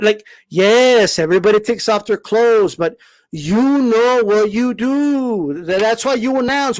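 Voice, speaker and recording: Profane, animated male boxing ranter. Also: sits high. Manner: profane, emphatic, repeats "all right?". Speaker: boxing commentator. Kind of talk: heated rant.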